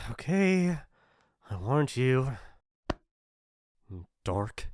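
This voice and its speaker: A man's voice: medium pitch, sing-song, drawn-out words, darkish tone, no echo, studio quality. A man voicing a mean, teasing popular bully in an ASMR role-play, mocking and laughing often. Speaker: voice actor.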